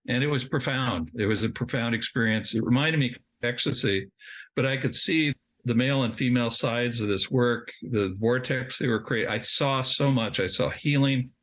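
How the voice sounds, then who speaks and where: Medium in pitch and fairly bright in tone, this middle-aged man's voice carries a long, rambling personal story he shares as a guest on a podcast interview. He keeps restarting sentences and laughs at himself.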